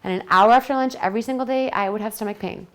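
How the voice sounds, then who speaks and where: A woman's voice: fairly high pitch, rapid-fire. A woman presenting a detox program to a group, talking chattily and enthusiastically and acting out her own quotes.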